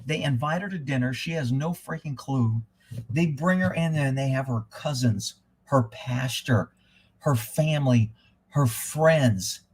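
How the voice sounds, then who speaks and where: Profane, husky-voiced man ranting. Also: mid-range voice, a little slow, darkish tone. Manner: rambling, with self-interruptions. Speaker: livestream host. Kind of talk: casual live-stream storytelling.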